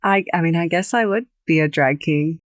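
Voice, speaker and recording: A woman hosting a podcast, easygoing and quick to laugh, also reading a scripted outro. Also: sits low, no room sound. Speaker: podcast host.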